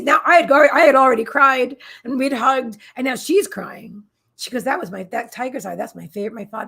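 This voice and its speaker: Chatty, rambling woman with a higher voice. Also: vocal fry, a bit bright, slightly rough. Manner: emotional, rambling, many restarts; talks to viewers in chat. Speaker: psychic livestream host. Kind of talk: casual livestream storytelling.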